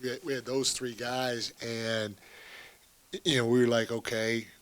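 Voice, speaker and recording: A man's voice: medium pitch, little pitch movement, measured pace, a bit bright. A man, a basketball head coach, answering at a post-game press conference in a candid, rambling, chatty way with small laughs.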